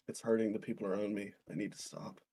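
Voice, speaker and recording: A man on a gaming stream ribbing his friends with loud, profane banter. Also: on the low side, little pitch movement, a little fast, husky. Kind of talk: casual gaming chat.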